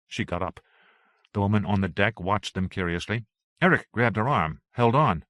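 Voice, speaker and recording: Reading a novel aloud from a script, this male audiobook narrator is measured and expressive. His pitch is fairly low, and the studio-quality recording is dry.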